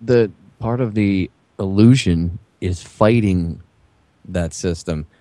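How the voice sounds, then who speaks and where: A man's voice: sits low, slow, dark tone, no room sound. A man talking on a radio show, earnestly reading a quote aloud to the host and the listeners. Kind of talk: talk radio discussion.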